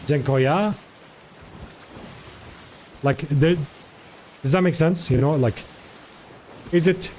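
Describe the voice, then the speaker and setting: A man's voice: mid-range voice, a little mellow, slight background noise. A man streaming live in casual chat, curious and talkative, repeating foreign words aloud to practice them.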